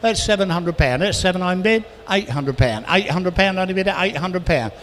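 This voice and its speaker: A man working as an auctioneer, calling bids quickly and adding chatty asides about each car. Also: high-pitched, animated, fairly bright tone. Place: auction hall, indoors. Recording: reverberant hall with faint noise.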